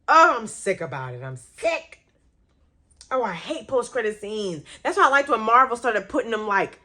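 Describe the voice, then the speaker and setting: A woman's voice: fairly high pitch, fairly bright tone. A young woman hosting a casual movie chat, reacting to viewer comments with laughter and exclamations. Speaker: radio host reviewing movies.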